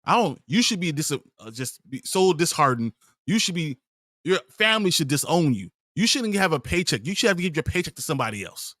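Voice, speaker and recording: A man's voice: a little high, sing-song, a little fast, fairly bright tone, dry recording, studio quality. A man hosting a sports podcast, ranting in an exasperated, profane way at his team's players. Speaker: podcast host.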